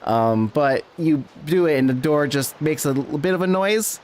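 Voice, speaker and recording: A man's voice: fairly high pitch, expressive, normal speed, a little mellow, slight background noise. A man narrating a tabletop game as game master, rambling and often correcting himself.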